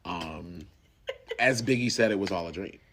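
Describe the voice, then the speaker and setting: A man hosting a podcast, chatting casually about a film, halting and restarting, laughing often. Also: deep voice, a bit bright, slight background noise. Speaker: podcast host. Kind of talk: casual film review chat.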